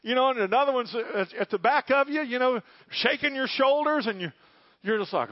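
A middle-aged man preaching a sermon, fervent and folksy, dropping to a hush and rising to loud emphasis. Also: very high-pitched, lively intonation, fairly quick. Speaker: pastor. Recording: dull lo-fi recording.

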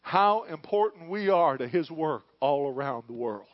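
A middle-aged male pastor preaching a sermon in church, moving between quiet, hushed lines and loud, fervent calls. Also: on the high side, expressive, normal speed, no room sound, muffled recording. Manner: preaching, swings from hushed to shouting.

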